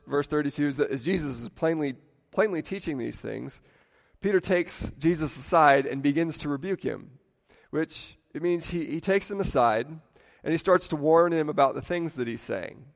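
Male preacher, slightly higher voice, casual talk, acts out quotes, reverberant hall. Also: moderate pace, gravelly. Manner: conversational, acts out quoted lines with rising emphasis. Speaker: pastor. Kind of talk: sermon.

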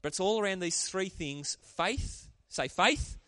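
Animated male preacher, dry close sound. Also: high voice, a little slow, no echo. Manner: animated, calls for responses from the congregation. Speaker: pastor. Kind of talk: sermon.

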